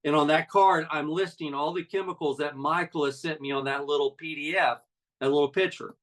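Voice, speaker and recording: A man's voice: fairly high pitch, fairly even intonation, a little fast, fairly bright tone, recorded from a distance, low-quality recording. A man in his sixties, a network marketing leader, giving a folksy, conversational motivational talk full of personal stories.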